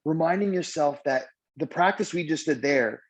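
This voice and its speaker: Speaking at normal speed in a slightly high voice, a man coaching wellness leads breathing practice before rambling with many fillers and animated impressions of people in his stories. It's dull, lo-fi video call sound.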